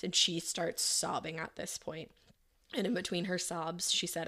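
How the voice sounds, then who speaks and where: A woman with a lowish voice and a gravelly edge walks a co-host through a true crime case. She talks casually, quoting the people involved in her own everyday voice. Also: flat delivery, measured pace, sharp tone. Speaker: podcast co-host telling the case.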